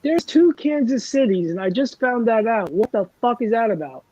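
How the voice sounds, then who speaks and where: A man's voice: extremely high pitch, lively intonation, moderate pace, dark tone, no room sound. A man with a New Jersey accent co-hosting a casual live-stream chat, crude and joking and swearing freely. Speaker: co-host. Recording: dull, dry lo-fi sound.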